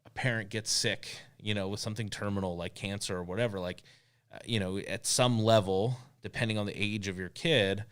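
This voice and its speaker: A man's voice: on the low side, fairly even intonation, fairly quick, a bit bright, clean tone. A man in his thirties co-hosting a studio talk show, rambling with many fillers and restarts. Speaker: co-host. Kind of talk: casual talk show chat. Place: radio studio.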